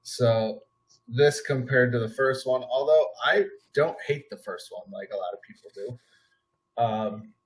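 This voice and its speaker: A man hosting a casual podcast chat in a mid-range voice. He talks slowly and easily, taking his time. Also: mid-range voice, poor audio. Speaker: podcast host.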